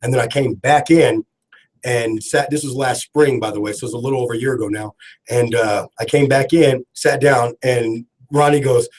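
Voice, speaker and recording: A man's voice: medium pitch, normal speed, rough recording. A man hosting a live radio talk show from the studio, rambling and laughing as he tells stories. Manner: rambling, laughing, animated storytelling.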